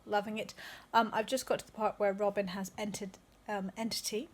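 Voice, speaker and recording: A woman chatting in a casual book vlog, bubbly and gushing and quick to laugh. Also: mid-range voice, level tone, low-quality recording. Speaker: book vlogger.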